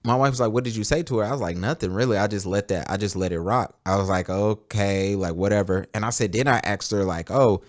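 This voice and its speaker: A man's voice: fairly low pitch, fast, hardly any pauses. A young man with a Southern US accent, hosting a casual podcast and telling loose, profane stories. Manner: loose, profane storytelling with animated voices. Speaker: podcast host.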